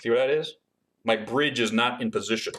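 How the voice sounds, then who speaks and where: In a casual Q&A stream, a man builds guitars on camera, reads out chat questions, and answers chattily with lots of ums. His average-pitched, slightly bright voice moves a little fast, with slight background noise.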